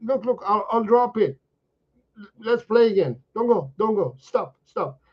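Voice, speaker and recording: A man voicing an anxious, clingy dog, pleading in a high, stammering voice. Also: expressive, unhurried, muffled recording.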